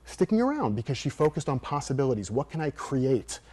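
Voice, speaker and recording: Man, coach guest, quick storytelling, dark mellow voice. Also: medium pitch, slightly rough. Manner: animated storyteller acting out quotes. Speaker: mental performance coach.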